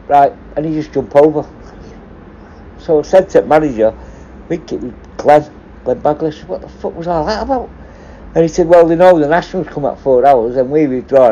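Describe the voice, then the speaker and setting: Middle-aged bloke, ex-prison officer, sweary rambling storyteller; mellow dark voice, dull lo-fi recording. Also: male voice, mid-range voice. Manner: sweary, rambling, laughs at his own stories. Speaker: former prison officer and hostage negotiator. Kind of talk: casual storytelling.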